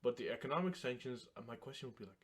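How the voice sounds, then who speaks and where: A man co-hosting a casual talk show, giving his views in a measured, hesitant way. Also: mid-range voice, lively intonation. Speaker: co-host. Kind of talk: casual political chat.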